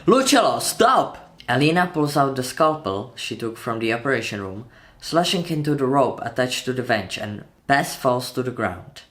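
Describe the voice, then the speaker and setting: A man's voice: mid-range voice, moderate pace. A man retelling a horror film scene by scene in a tense, dramatic narration, voicing the sound effects himself. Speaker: channel host narrating a film breakdown.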